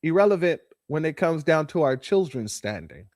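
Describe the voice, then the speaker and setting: High-voiced preaching commentator, a man. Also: big pitch swings, moderate pace, darkish tone, no room sound, studio quality. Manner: preachy, sarcastic, addresses listeners as family. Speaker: online preacher and political commentator. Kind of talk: sermon-style livestream commentary.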